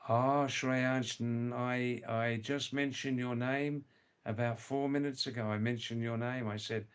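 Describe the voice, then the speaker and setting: Slow-talking older man reading chat. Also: medium pitch, steady tone, smooth. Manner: slow, unhurried, repeats words, spells out names. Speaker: livestream host reading viewer comments. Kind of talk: casual chat.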